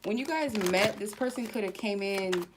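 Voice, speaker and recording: A woman giving a casual tarot reading to her viewers, chatty and slangy, slowly reading out card keywords one by one. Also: medium pitch, very noisy. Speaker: tarot reader.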